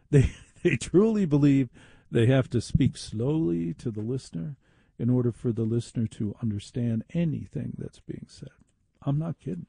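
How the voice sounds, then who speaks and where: A man hosting a talk radio show with a gravelly, very dark and husky voice. He delivers an opinionated, sardonic monologue with indignant edges. The studio sound is close and dry. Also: medium pitch, animated, moderate pace, dry recording.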